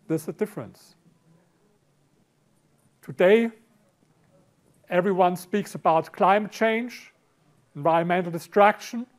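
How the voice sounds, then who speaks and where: A middle-aged man from Berlin with a German accent, lecturing a conference audience, halting and repeating words, often clearing his throat. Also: high-pitched. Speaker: conference speaker. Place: conference hall.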